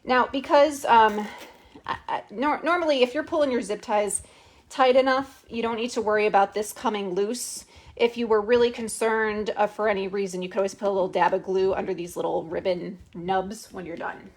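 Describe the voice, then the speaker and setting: A woman's voice: medium pitch, steady tone, moderate pace. A woman hosting a casual craft tutorial, chatting step by step into her phone camera with lots of "okay"s and fillers.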